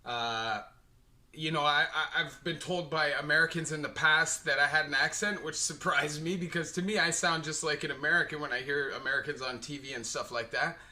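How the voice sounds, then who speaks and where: Bright Canadian man vlogging casually. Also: a little high, fairly quick. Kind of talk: casual explainer monologue.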